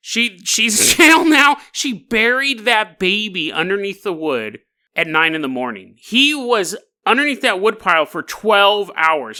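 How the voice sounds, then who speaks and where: A man's voice: high voice, pushed and bright. A man hosting a podcast, retelling a news story as a comedy bit with jokes, tangents and laughs mid-sentence. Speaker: podcast host.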